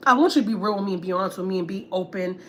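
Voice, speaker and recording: A woman from Houston, Texas, hosts a casual family vlog livestream and vents, blunt and profane, repeating herself for emphasis. Her mid-range voice comes out rapid-fire over slight background noise.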